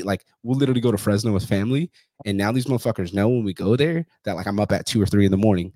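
A man hosting a podcast in loose, casual chat. He speaks quickly in a slightly low voice, piling on fillers and curse words. The sound is dry and close. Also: warm tone, no room sound. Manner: profane, rambling, says "you know" and "like" a lot. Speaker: podcast host. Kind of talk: casual conversation.

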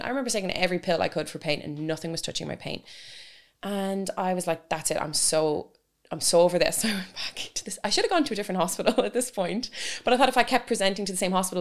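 Brief: young woman, lowish voice, quick and chatty, telling a personal story as a guest. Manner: lively storytelling with many fillers. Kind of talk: conversational interview.

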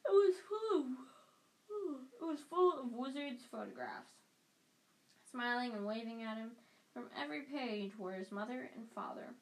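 Woman, reads a novel aloud, unpolished with restarts, fairly high-pitched voice, homemade podcast reading. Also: animated, normal speed, rough recording. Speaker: audiobook reader.

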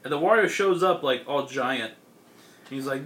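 A man's voice: medium pitch, normal speed, a bit bright. A young man in a casual chat, rambling through a comic's plot with lots of fillers and laughs. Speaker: podcast co-host.

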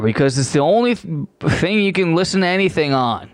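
A man's voice: on the high side, big pitch swings, a little fast, no room sound. A young Canadian man hosting his podcast in a profane, sarcastic, rambling rant with many restarts. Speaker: podcast host. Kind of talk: casual ranting monologue.

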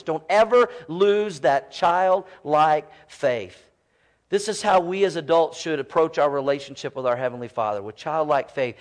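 High-voiced folksy preaching man. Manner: animated, folksy storytelling with many "you know" fillers. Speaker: pastor. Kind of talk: sermon.

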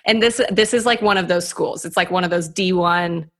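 A woman's voice: fairly low pitch, normal speed, a bit bright. Chatty young woman on a video call. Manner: chatty, laughs often, lots of "like" fillers. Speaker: podcast co-host. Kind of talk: casual chat.

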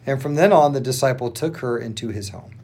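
A man co-hosting a podcast, reading a Bible passage aloud in turns, plain and steady with small slips. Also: mid-range voice, brisk, slightly rough. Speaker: podcast co-host reading scripture.

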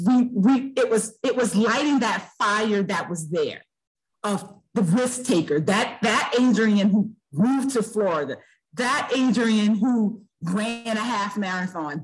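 A woman's voice: mid-range voice, rough recording. A woman guest on a podcast, talking earnestly and repeating phrases as she builds her point. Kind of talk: casual podcast interview.

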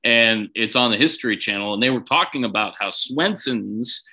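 Male podcast co-host, mid-pitched, easygoing, quick to chime in. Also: bright, forceful tone. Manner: easygoing, chimes in with short replies. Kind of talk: casual chat.

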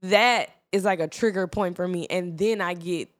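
A woman's voice: fairly low pitch, normal speed. A young adult woman co-hosting a podcast, speaking reflectively in casual chat, emphatic at times and laughing. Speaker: podcast co-host.

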